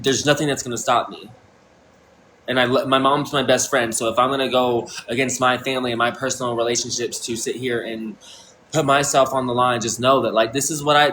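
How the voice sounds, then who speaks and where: A man in his thirties talks straight to his livestream in a bright, forceful voice, rambling and profane, tripping over his own restarts. His pitch sits in an ordinary middle range. A faint room hum sits under the recording. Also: poor audio. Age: 30s. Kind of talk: casual livestream monologue. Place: indoor room.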